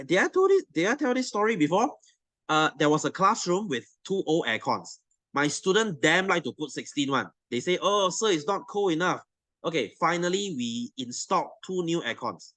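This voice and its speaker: A young man with a Malaysian English accent, tutoring science in a blunt, animated, teasing way, with plenty of swearing. His voice sits a little high for a man, and it is recorded close and dry, with no room sound. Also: no echo. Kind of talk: online class rant to students.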